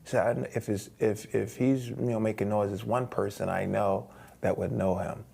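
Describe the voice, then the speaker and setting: Gravelly-voiced man telling a long story. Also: lowish voice, fairly even intonation, moderate pace, warm tone. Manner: rambling, with many restarts and repeated words. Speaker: guest singer telling a story. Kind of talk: interview storytelling. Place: streaming studio.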